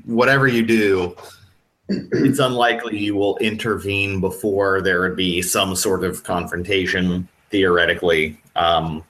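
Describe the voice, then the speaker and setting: A man narrates a tabletop role-playing scene as game master. His speech is slow and hesitant, full of fillers, and his voice has a bright, forward tone. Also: low voice, steady tone. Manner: hesitant, full of ums and restarts.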